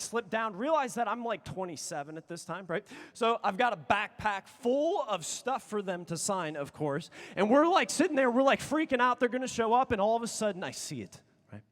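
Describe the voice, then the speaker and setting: A man in his thirties, a youth conference speaker telling a story with excitable energy and sudden shouts. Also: very high voice. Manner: excitable, animated, bursts into shouts. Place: large conference hall. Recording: long reverb of a big hall.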